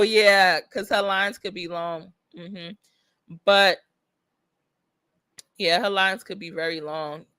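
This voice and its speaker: Brief: woman livestream host, excitable and chatty, bright voice, dry close sound. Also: mid-range voice, no room sound. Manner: animated, excitable, reads viewer comments aloud. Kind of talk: casual livestream chat reading comments.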